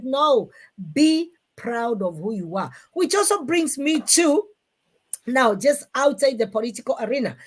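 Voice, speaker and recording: A middle-aged woman with a Kikuyu Kenyan accent, hosting a live-streamed talk show in an animated, emphatic way. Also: high-pitched. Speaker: host.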